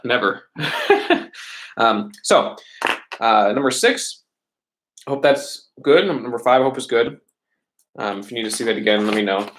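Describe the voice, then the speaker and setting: A man's voice: medium pitch, fairly bright tone. A man teaching a Spanish class over a webcast, in a casual, chatty way, often checking in with his students. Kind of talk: remote classroom lesson.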